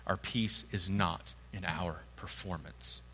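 A man's voice: sits low, steady tone, slow, a bit bright, slight background noise. A man preaching a sermon in an earnest, emphatic and conversational way. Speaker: pastor. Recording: long hall reverb.

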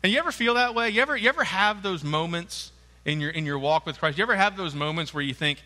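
A man's voice: high-pitched, expressive, fast, bright, forceful tone. A man preaching a sermon in an earnest, emphatic and conversational way. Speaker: pastor. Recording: long hall reverb.

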